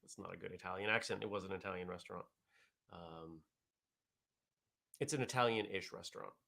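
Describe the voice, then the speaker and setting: Gravelly chatty man hosting. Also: low-pitched, brisk. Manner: relaxed, rambling, chatty with fillers. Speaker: host of a morning vlog show. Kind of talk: casual chat reading viewer comments.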